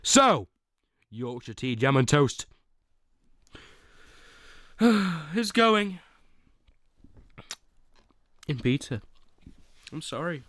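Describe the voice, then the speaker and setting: A man's voice: on the high side, big pitch swings, drawn-out words, long pauses, a bit bright, no echo. Dramatic young man streaming. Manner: dramatic, whiny pleading with sudden outbursts. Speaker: streamer ranking teas for chat. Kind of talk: casual livestream chat.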